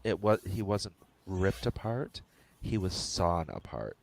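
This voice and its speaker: Male player, deep slow voice, hesitant, slight background hiss. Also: lively intonation, gravelly. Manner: halting, unsure questions. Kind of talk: tabletop game play.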